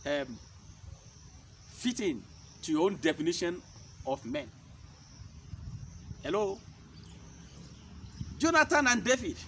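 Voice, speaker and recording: A man's voice: very high-pitched, a bit bright, slight background noise. A man preaching a sermon-style teaching. He fires rhetorical questions at his listeners and hammers his points by repeating them. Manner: emphatic, repeats key points.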